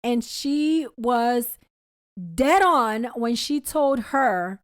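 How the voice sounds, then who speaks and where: Forceful woman co-host, dry sound. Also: on the high side, very slow, no room sound. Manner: forceful, agreeing loudly with short interjections. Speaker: podcast co-host. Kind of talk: casual chat.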